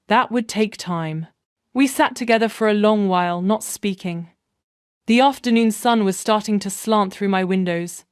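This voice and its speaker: A woman tells a first-person story in a gentle, measured voice at a middle pitch. The recording is dry and close, with no room sound. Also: no echo. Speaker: narrator.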